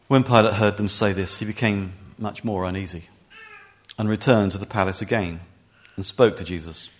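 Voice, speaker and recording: A man reading a scripture passage aloud as scripted narration, in clear, even storytelling. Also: on the low side, brisk. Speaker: reader.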